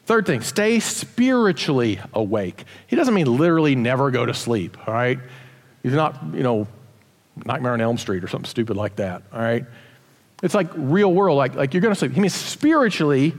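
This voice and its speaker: Animated man preaching in a reverberant hall. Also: fairly high pitch, normal speed. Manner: animated, conversational preaching with rhetorical questions. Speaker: pastor. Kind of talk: sermon.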